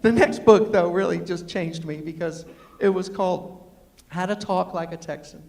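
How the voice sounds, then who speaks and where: A middle-aged man tells comic stories to a university audience. He is animated and acts out the people he quotes. His voice sits fairly high and carries a long reverb from the lecture hall. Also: moderate pace, gravelly, slight background noise. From New York City. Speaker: storyteller and humorist. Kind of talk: comic storytelling talk to a live audience.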